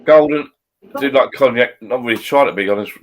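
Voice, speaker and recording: A man's voice: medium pitch, a little fast. A man hosting a casual live stream chat, jokey and greeting viewers by name.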